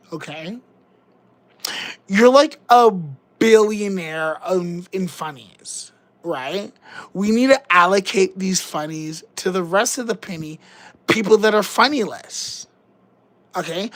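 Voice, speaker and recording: A woman hosts a casual livestream chat, her voice sitting at an ordinary middle pitch. She talks slowly and unhurriedly, rambling and giggling through her jokes. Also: fairly bright tone, rough recording. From Canada. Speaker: livestream host.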